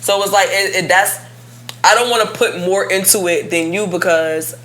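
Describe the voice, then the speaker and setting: A woman co-hosting a casual relationship podcast, animated and blunt, acting out both sides of conversations. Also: medium pitch, moderate pace. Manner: blunt, swears freely. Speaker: podcast co-host.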